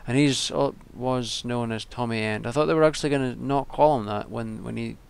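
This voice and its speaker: Rambling young man with gravelly voice. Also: mid-range voice, a little fast. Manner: rambling, frequent ums and restarts. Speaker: wrestling vlogger. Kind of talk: casual solo commentary.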